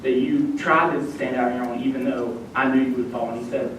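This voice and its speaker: A man's voice: fairly even intonation, a little fast. A young man, a youth minister preaching a sermon and telling a personal story, acting out the voices he quotes. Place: church sanctuary. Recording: echoey church hall, distant mic, faint rumble.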